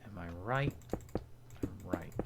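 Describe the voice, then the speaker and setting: Low-voiced man rambling through a game stream. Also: animated, slow, very noisy. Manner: rambling, talks to himself, chuckles often. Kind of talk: casual live-stream commentary while building in a game.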